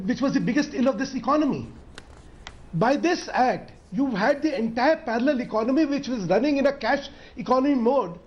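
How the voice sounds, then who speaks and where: On a heated televised debate, a politician guest with an Indian English accent argues insistently, pushing to finish his point. His voice is very high, and the sound is lo-fi.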